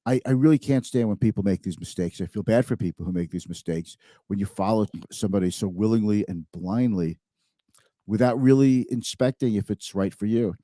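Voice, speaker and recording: A man's voice: on the low side, a little fast, dark tone, dry recording, clean studio sound. A man hosting a live-streamed finance talk show, speaking conversationally and emphatically, often repeating words.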